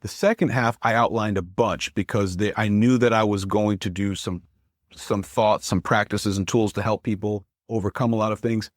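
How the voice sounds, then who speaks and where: A man's voice: on the low side, steady tone, moderate pace, no echo, studio quality. A male pastor and author, a guest in an interview, talking in an earnest, encouraging way as he thinks aloud. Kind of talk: interview conversation.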